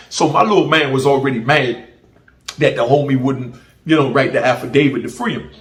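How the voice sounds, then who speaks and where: A man's voice: medium pitch, huge pitch swings, normal speed, a bit bright, slight background noise. Jamaican man telling street stories, echoey. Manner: street slang, acts out quoted voices. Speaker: former prisoner telling his story. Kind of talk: casual street storytelling. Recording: roomy echo.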